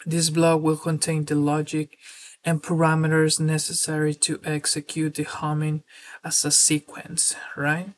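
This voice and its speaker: A woman presenting a screen-recorded software tutorial, explaining steps steadily and filling pauses with "uh". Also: low voice. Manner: steady explanatory walkthrough with filler words.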